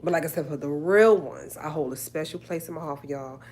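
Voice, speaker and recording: A woman's voice: deep voice, brisk, darkish tone. A woman hosting a live stream, talking emphatically to viewers and repeating her points. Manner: emphatic, preachy, repeats herself. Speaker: livestream host.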